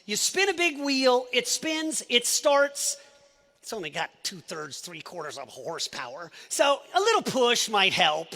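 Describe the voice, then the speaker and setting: A man giving an emotional presentation on stage at a live company event, swinging between shouted lines and hushed asides. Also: very high voice, very animated, unhurried, creaky, soft background music. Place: event stage before an audience.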